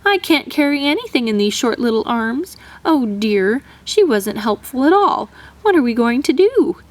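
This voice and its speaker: A fretful mother kangaroo with no pocket pleads in a high, swooping voice, as a woman reading a storybook puts her on. Her tone is tearful and urgent, and her pitch rises and falls widely. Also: very animated, normal speed. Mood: worried.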